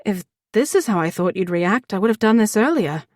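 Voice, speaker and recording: A woman's voice: medium pitch, expressive, a little fast, darkish tone, dry recording, studio quality, natural voice. A woman voicing a young, anxious and loving royal woman, speaking in a heartfelt, pleading way. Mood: affectionate.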